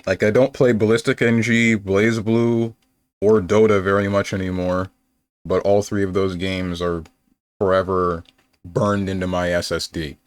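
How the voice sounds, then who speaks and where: A man's voice: low voice, little pitch movement, unhurried, smooth, dry recording. A young man streaming games, chatting casually and thinking aloud in a rambling, playful way. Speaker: game streamer. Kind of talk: casual live-stream chat.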